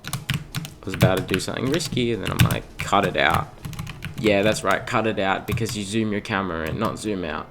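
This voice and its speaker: A young man commentating his own gameplay in a self-mocking, excitable way, at a home computer. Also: low voice, brisk, gravelly, heavy background noise. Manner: self-mocking, excitable, with sudden yelps and gasps. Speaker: let's play host. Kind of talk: gaming commentary. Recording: loud game music behind the voice. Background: loud game music.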